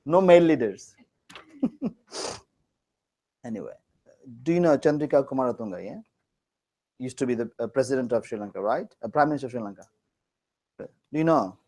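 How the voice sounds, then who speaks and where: A man's voice: medium pitch, expressive, normal speed, long pauses, mellow, rough recording. Teasing man teaching a class. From Bangladesh. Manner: teasing, joking, quizzing students. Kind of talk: classroom lecture.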